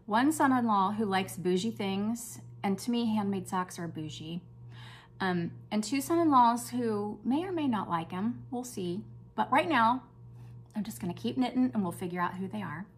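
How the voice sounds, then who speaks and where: A woman's voice: medium pitch, lively intonation, moderate pace, slightly rough. Chatty older woman showing off yarn. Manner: chatty and enthusiastic, drops to a hush at times. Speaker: crafting vlog host. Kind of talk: casual show-and-tell chat.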